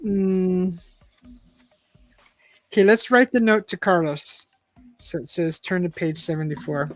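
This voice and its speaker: A woman's voice: lowish voice, a little slow, dry recording, soft background music. A woman hosting a casual live-stream, reading a choose-your-own-adventure book aloud, chatting and laughing often.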